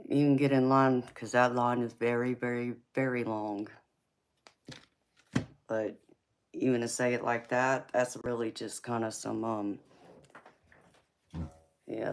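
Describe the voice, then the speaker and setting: Hosting a live tarot reading stream, a Southern woman chats casually with viewers, drawling slowly and calling them baby. Her voice is very deep, clear, and resonant.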